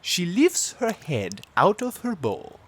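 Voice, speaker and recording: Animated, husky woman reading a storybook. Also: fairly low pitch, slow. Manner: animated and playful. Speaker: storybook reader. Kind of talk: expressive read-aloud narration.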